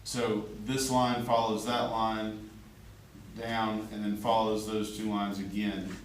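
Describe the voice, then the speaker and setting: A man's voice: fairly low pitch, flat delivery, takes it slowly. A male art teacher, chatty and joking as he demonstrates a drawing and checks in with his class. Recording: echoey classroom from far off, faint room noise.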